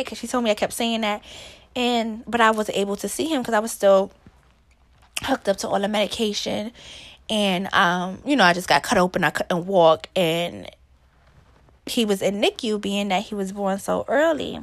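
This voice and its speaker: A woman's voice: medium pitch, moderate pace. A young woman talking casually and candidly about a hard personal experience, with many fillers, some laughter, and emotion showing through. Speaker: podcast host.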